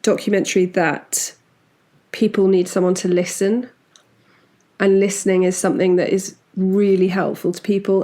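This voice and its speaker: Woman, podcast host, casual true-crime storytelling, chatty, self-correcting, mid pitch. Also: darkish tone. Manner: chatty, frequent restarts and asides.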